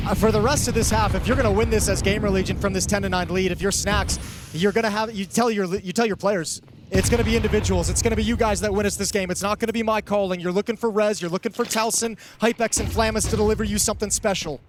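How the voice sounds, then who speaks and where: High-voiced man giving esports color commentary. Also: steady tone, quick pace, background noise. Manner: conversational, analytical, with frequent restarts.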